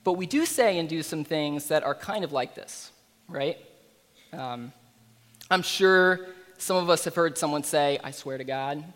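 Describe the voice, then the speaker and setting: Man, sermon, casual conversational preaching, fairly high voice, long echoing reverb. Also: measured pace, fairly bright tone. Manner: conversational, with fillers and asides.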